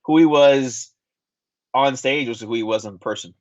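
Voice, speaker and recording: A man co-hosting a casual podcast, rambling through a story with lots of fillers. His voice sits at a middling pitch. The recording is dry and a little dull, like lo-fi podcast audio. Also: normal speed, no room sound. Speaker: podcast co-host. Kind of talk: casual chat.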